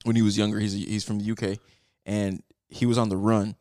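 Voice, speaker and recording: Low-voiced man spinning a story. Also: little pitch movement, a little mellow, no echo, studio quality. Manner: storytelling, quick to laugh, repeats his words. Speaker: podcast co-host. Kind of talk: casual chat.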